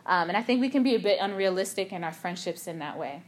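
A young adult woman giving a casual sermon, telling a personal story in an animated way with lots of filler words and acted-out quotes. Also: fairly low pitch, fast talker. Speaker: youth speaker.

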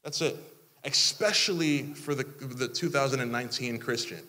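A man in his thirties preaching a sermon, animated, with mock-complaining asides. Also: medium pitch, normal speed. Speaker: pastor. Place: church hall. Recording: long hall reverb.

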